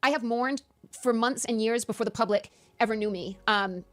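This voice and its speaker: A woman answering interview questions in an emphatic, animated way, often stammering and restarting. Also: on the high side, moderate pace. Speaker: interview guest.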